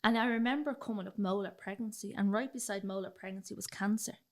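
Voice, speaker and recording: A young Irish woman with a Dublin accent tells her personal story as a podcast guest, chatty and full of fillers like "like," acting out the dialogue as she goes. Her voice is mid-range and she speaks fast.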